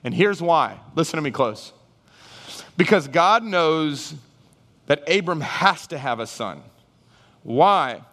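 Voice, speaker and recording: Guy preaching a sermon in a big echoey hall, slightly high voice, gets really animated. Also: slow pace, pauses often. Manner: animated, acts out Bible figures and congregants in raised voices. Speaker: pastor. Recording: reverberant hall sound.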